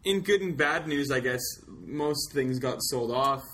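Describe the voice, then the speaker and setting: A man's voice: medium pitch, measured pace, fairly bright tone. A man co-hosting a podcast about video games in loose, joking casual chat. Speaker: podcast co-host.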